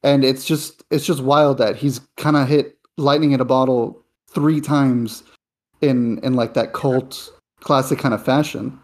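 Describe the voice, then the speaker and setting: Man, casual podcast chat, mid pitch, thoughtful, rambling, hesitant restarts. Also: fairly even intonation, a little slow, a little mellow.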